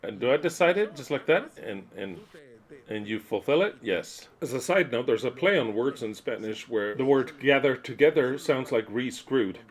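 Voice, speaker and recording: A man voices a sermon as its interpreter, at an ordinary middle pitch. He is emphatic and uneven, muttering low at one moment and bursting out loudly the next. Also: expressive, moderate pace. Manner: emphatic, swings from low muttering to loud outbursts. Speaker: interpreter voicing a preacher.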